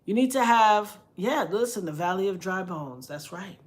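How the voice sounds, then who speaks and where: A woman's voice: medium pitch, expressive, normal speed. Middle-aged woman, commentary vlogger, emphatic preaching tone, mid-range voice. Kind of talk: casual commentary vlog.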